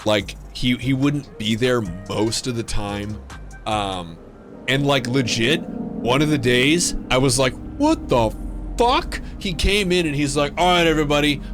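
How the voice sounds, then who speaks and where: Streamer dude rambling through a story, swears a lot, lots of uh and like, mid pitch, little music in the back. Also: male voice, unhurried. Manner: loose, profane, full of fillers and restarts. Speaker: livestream gamer host.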